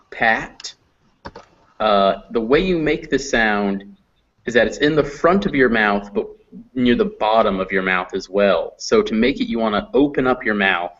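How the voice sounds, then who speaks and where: Man, American accent, low voice, phonetics lecture, slow demonstrated sounds, muffled lo-fi sound. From United States. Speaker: phonetics teacher. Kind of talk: classroom lecture. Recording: dull lo-fi classroom recording.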